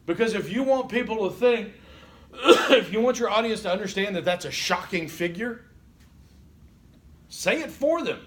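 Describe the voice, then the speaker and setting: Animated man lecturing a class. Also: high-pitched, moderate pace, pauses often. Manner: animated, joking, keeps checking in with "okay?". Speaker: college instructor.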